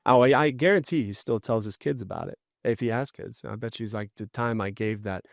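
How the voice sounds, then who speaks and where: Excitable man telling a story. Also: medium pitch, fast talker, vocal fry, no echo, studio quality. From United States. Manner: excitable, many "like" fillers. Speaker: podcast guest. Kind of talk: animated storytelling in casual chat.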